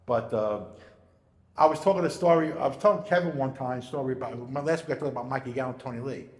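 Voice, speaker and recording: A man telling stories in casual chat, animated, acting out the voices of the people in his stories. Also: medium pitch, quick pace. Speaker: storyteller. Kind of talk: casual storytelling. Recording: echoey room with long reverb.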